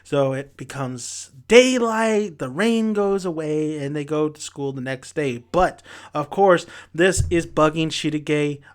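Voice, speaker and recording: A man with a fairly high-pitched voice talks through a review in a loose, casual way. He is energetic and excitable, and he restarts and trails off as he goes. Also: takes it slowly. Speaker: manga reviewer.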